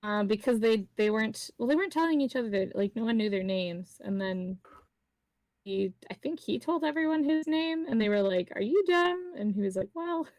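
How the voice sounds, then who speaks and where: A woman's voice: medium pitch, brisk, darkish tone, dry recording. A young woman co-hosting a stream, recapping in a giggly, offhand way. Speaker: co-host giving a recap. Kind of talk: casual chat.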